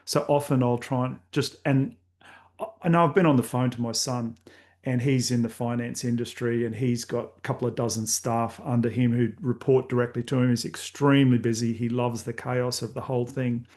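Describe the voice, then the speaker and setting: A man who is a podcast guest, talking in a relaxed, conversational way with casual filler phrases. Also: mid-range voice, normal speed. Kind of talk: casual interview chat.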